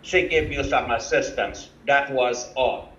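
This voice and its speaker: A man's voice: mid-range voice, unhurried, a bit bright, reverberant, dull audio, a little hiss or hum. A man, calling in to a live show and speaking firmly and indignantly. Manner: firm, indignant. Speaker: caller. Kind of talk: phoned-in commentary.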